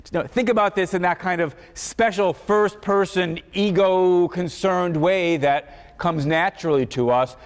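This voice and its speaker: Halting male professor in echoey hall. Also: fairly high pitch, clean tone. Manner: halting, repeats words, many fillers. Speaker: philosophy professor. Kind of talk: university lecture. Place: large lecture hall.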